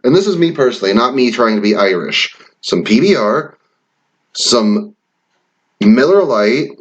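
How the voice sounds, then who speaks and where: Chatty man with a lively voice. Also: medium pitch, husky, dull audio. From Wisconsin, USA. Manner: chatty, swears casually, reads quiz questions aloud and riffs. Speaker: vlogger taking online quizzes. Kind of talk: casual rambling commentary.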